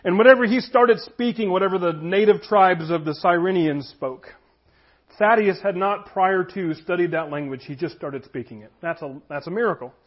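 A man's voice: high voice, moderate pace, dull audio. A pastor preaching a conversational sermon, reading scripture aloud and telling stories to his congregation. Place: church room with congregation.

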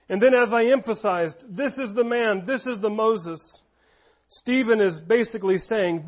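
A high-pitched male pastor delivers a sermon, moving between scripture reading and lively, emphatic explanation with chuckles along the way. The recording sounds dull and lo-fi. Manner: animated preaching with frequent chuckles and emphatic rises.

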